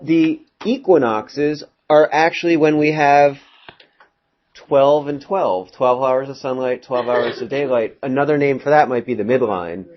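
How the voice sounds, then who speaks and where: A male math teacher giving a casual classroom lecture, rambling a little with fillers and quick asides to his students. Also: medium pitch, fairly even intonation, a little hiss or hum. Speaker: high school math teacher. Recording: dull lo-fi classroom recording.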